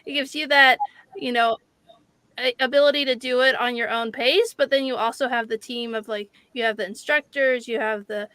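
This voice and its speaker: A woman's voice: a little high, fairly even intonation, normal speed, sharp tone, dry recording. A woman hosting a casual interview over a video call, upbeat and conversational with "like" fillers. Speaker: interview host.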